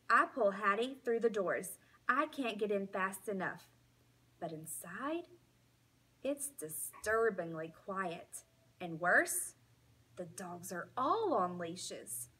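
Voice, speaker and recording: A woman teacher reading a children's storybook aloud in a slow, expressive way. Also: medium pitch, breathy edge.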